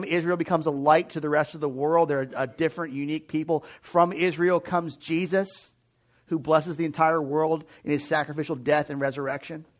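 A man in his thirties preaching a sermon, conversational and animated, with frequent restarts and asides. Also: on the high side. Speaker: pastor.

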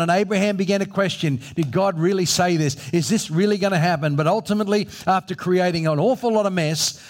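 Aussie preacher guy, middle-aged, kinda high voice, punchy sermon style. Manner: emphatic preaching, acts out Bible voices. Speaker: pastor.

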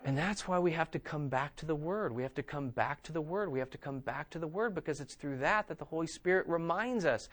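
A man delivers a sermon in a relaxed, conversational way, circling back to the same phrases for emphasis. His voice sits fairly high for a man. He keeps checking in with his listeners through quick asides. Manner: conversational preaching, repeats phrases for emphasis, asks "okay?" and "right?". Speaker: pastor.

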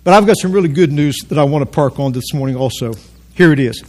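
A man pastor preaching a sermon to his congregation, emphatic, slowing down for quotes and calling listeners to repeat after him. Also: on the high side, darkish tone. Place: church auditorium.

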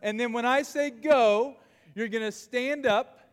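A man leading a youth group lesson in a playful, animated way, calling out to the crowd. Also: very high-pitched, unhurried, smooth. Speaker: youth pastor. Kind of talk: energetic youth group lesson with audience game. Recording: long hall reverb.

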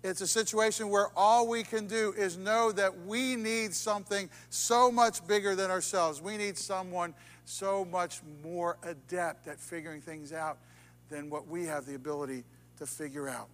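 A man preaching in a high register, swinging from ringing, emphatic lines down to hushed near-whispers. His voice carries a long reverberation off the walls of a large church hall. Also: fairly even intonation, moderate pace. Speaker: pastor. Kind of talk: sermon. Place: church sanctuary.

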